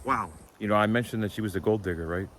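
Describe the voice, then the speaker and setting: A man vlogging about a stalker while he travels, anxious and full of questions, sometimes muttering low and sometimes breaking into excited high bursts. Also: quick pace. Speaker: paranormal vlogger. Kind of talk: vlog narration, talking to camera. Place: in and around his car on a road trip. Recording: noisy background, car and road sounds.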